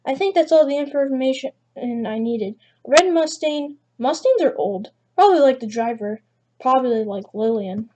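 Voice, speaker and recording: A woman's voice: sits high, expressive, moderate pace, warm tone. A woman narrating a first-person creepypasta story, reading with frequent restarts. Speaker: channel narrator.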